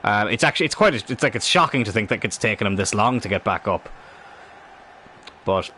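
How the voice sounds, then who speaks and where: A man streams a football video game, chatting and reacting as he plays. He rambles between asides and swears at the game. His voice has a bright, forceful edge. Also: on the low side, expressive, brisk, long pauses, a little hiss or hum. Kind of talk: live gameplay commentary.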